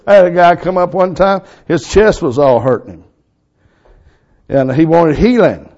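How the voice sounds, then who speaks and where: A man preaching a sermon in a folksy, storytelling way, excitable and quick to laugh. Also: on the high side. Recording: lo-fi recording.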